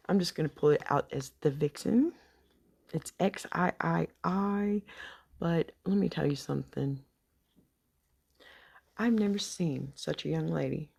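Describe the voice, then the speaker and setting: An older woman with a Texas accent, chatting to her subscribers off the cuff in a rambling, folksy way that drifts now and then into soft whispers. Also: fairly low pitch. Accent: Texan. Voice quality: gravelly, husky. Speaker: vlogger. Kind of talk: unscripted chat to subscribers.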